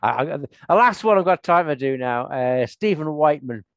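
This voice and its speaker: A man's voice: fairly high pitch, expressive, moderate pace, clear, resonant tone, no room sound. Chatty older man, dry close sound. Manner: chatty, laughs often, rambling with restarts. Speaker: podcast host. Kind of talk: casual chat.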